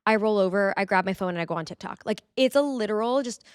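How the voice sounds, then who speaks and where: A chatty woman telling a personal story in a candid vlog, her voice smooth and resonant. The sound is dry and close, with no room echo. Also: medium pitch, fast talker. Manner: candid, chatty, lots of "like" fillers. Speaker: vlogger. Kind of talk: casual confessional vlog.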